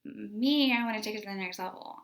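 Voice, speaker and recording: A young woman talks about her work as a special education teacher in a relaxed, unscripted way. She speaks at a middle pitch and fills her sentences with "like" and "you know". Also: fairly quick. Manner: conversational, many fillers like "like" and "you know". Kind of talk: casual storytelling monologue.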